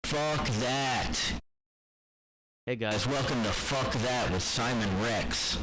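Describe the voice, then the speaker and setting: A man voicing an angry, loud male satellite-radio shock jock who rants with profane catchphrases. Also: mid-range voice, measured pace, background noise, natural voice. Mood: ranting. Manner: shouting, ranting, profane catchphrases. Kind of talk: mock radio show bit.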